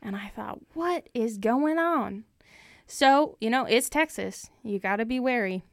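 A woman's voice: fairly high pitch, animated, unhurried, no echo, clean studio sound. A woman improvising a proud, heartbroken male lone cowboy rancher, telling his tale in a folksy way and repeating phrases for emphasis. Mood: earnest folksy. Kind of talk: improvised comic storytelling.

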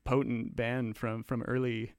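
Man guest, gravelly voice, dry sound, keeps restarting his sentences. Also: mid-range voice, little pitch movement, no echo. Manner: halting, many stammered restarts. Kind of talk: casual radio chat about punk records.

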